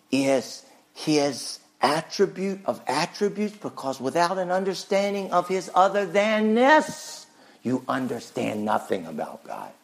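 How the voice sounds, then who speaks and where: A male pastor preaching a sermon emphatically, asking rhetorical questions and swinging his pitch widely. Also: gravelly.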